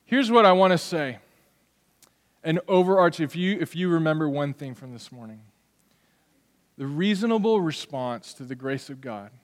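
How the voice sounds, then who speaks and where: A man in his forties preaching a sermon in a church, talking in a loose, conversational way and acting out small everyday scenes to make his point. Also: fairly high pitch. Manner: conversational, animated, acts out little scenes. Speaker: pastor. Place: church sanctuary. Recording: long hall reverb.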